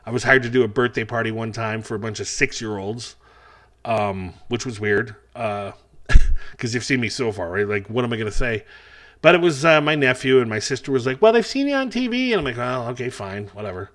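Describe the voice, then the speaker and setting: Man, middle-aged, stand-up comedian, rambling, self-deprecating, wry, medium pitch. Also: a little fast, a bit bright. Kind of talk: stand-up set for a virtual festival.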